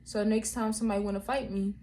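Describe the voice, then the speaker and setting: A young woman, telling viewers a storytime vlog in animated, slangy talk. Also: medium pitch, fast, a little hiss or hum. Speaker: vlogger.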